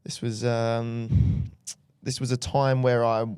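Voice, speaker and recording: A man's voice: medium pitch, level tone, slow pace, a little mellow, clear, resonant tone, no echo. A young Australian man banters on a podcast in a mid-range voice. He plays things up with mock drama. His voice sounds dry and close, with no room sound. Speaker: podcast co-host. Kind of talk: casual chat.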